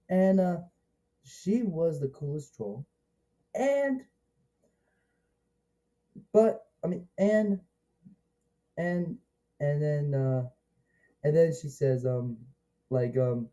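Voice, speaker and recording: Slow, lively man rambling through a review. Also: on the high side, poor audio. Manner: rambling and halting, with many restarts and excited exclamations. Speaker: movie reviewer. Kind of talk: casual spoken movie review.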